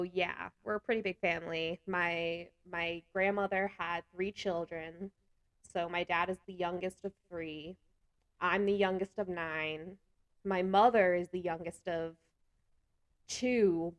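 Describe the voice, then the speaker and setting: Animated, laughing woman vlogger. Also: fairly low pitch, dry recording. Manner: animated, laughs often between remarks; talks with hands a lot. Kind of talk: casual chat to camera.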